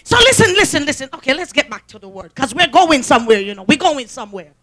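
A woman preacher delivering an emphatic sermon, rising into shouts and calling on the congregation. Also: high voice, expressive, fast talker. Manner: emphatic, call-and-response preaching that rises to shouts.

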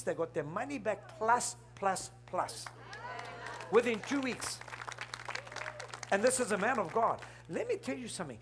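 A male pastor preaching an emphatic, animated sermon, often breaking in with "hello?". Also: high voice, a little hiss or hum.

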